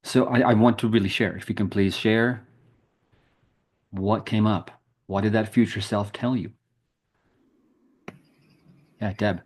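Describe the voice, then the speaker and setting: A man leading a group spiritual challenge, talking softly and slowly through a guided meditation over a video call. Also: lowish voice, fairly even intonation, husky. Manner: soft, slow, soothing with long pauses.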